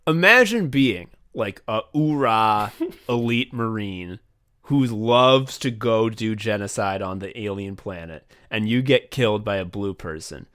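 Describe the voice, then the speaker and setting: A man co-hosting a podcast in casual chat, animated, laughing often and swearing a lot. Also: lowish voice, a little slow. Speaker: podcast co-host.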